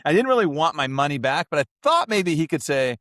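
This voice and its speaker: Man, podcast co-host, rambling storyteller, slightly high voice, dry close sound. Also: big pitch swings, a little fast, a bit bright, dry recording. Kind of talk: casual chat.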